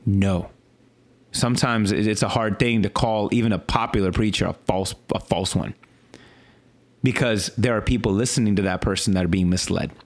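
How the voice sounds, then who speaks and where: A man, a pastor, talking through his sermon in a casual, animated way, often restarting and stuttering, swinging between high exclaims and low earnest lines. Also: moderate pace. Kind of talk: casual sermon follow-up talk.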